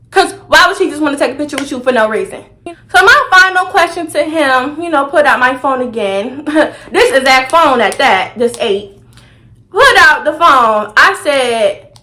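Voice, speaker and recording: A young woman vlogger telling a personal story in a sassy, animated, dramatic way. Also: high voice, normal speed. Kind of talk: storytime vlog.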